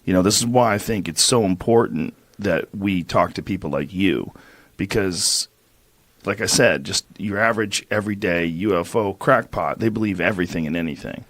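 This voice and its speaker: Deep-voiced man hosting a podcast. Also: normal speed, dry recording. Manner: relaxed, asks short direct questions. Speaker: podcast host. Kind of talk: casual interview. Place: podcast studio.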